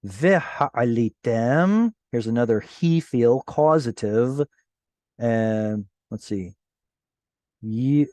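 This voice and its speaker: A man's voice: mid-range voice, darkish tone, no echo. A man teaching a language class online over a video call, patiently explaining word by word and correcting himself as he goes. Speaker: Hebrew teacher.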